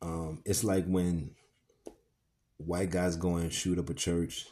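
A man reads a novel aloud and stops to add his own thoughts. His low, dark voice moves at a slow, unhurried pace. He stumbles now and then with fillers and corrects himself. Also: level tone. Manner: pauses, fillers and self-corrections. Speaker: podcast reader and commentator. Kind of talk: reading aloud with commentary.

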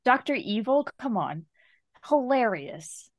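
Female co-host, lively pitch, unhurried delivery, dry close sound. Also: dry recording, lo-fi sound. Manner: expressive, laughs easily, emphatic exclamations. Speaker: podcast co-host. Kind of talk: casual movie review chat.

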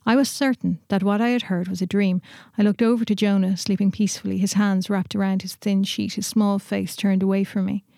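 A woman reading a literary short story aloud in a steady, measured way in a studio. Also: medium pitch, creaky, dry recording.

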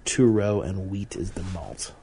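A man's voice: low voice, a little slow, mellow, breathy edge. A man co-hosting a podcast in an easygoing way, casually describing beers and reading out their stats in a matter-of-fact tone. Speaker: podcast co-host. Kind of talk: casual beer-tasting chat.

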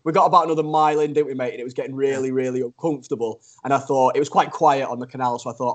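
A man's voice: medium pitch, steady tone, very fast, hardly any pauses. A young man, telling a funny story in casual podcast chat, laughing often and mocking himself. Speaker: podcast co-host.

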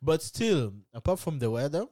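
A man's voice: a little high, sing-song, normal speed, warm tone, no echo, studio quality. A man from Africa with an African accent, co-hosting a casual chat and telling stories in an easygoing way, often ending phrases with "bro". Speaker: co-host.

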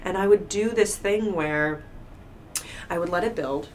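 A woman talking openly in a casual conversation, telling personal stories with lively acted-out quotes. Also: on the low side, a little slow. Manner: open, animated storytelling with acted-out quotes. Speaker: guest. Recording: faint background noise.

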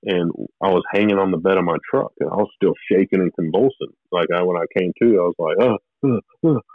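A man's voice: sits low, steady tone, quick pace, dry recording, narrow, tinny audio. A man telling a personal spiritual story in a rambling way, with restarts and short laughs. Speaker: guest telling his testimony.

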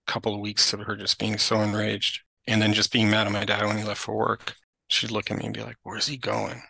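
A man's voice: fairly low pitch, vocal fry, no room sound, rough recording. A young man, a podcast guest, chatting casually about caring for his mother, using lots of "like". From Greek family background. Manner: chatty, lots of "like", animated retelling. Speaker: podcast guest, family caregiver. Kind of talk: casual conversational storytelling.

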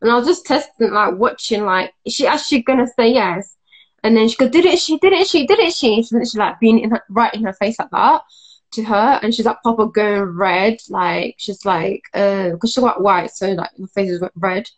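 A young adult woman, telling a personal story in a halting way, full of fillers and restarts. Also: medium pitch, poor audio.

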